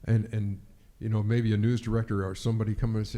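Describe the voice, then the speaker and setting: A middle-aged man speaks to a live audience with a very dark, mellow voice. He tells stories animatedly and acts out quoted lines in a jumpier voice. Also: on the low side, flat delivery, quick pace, hardly any pauses. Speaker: sportscaster giving a talk. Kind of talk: speech to an audience.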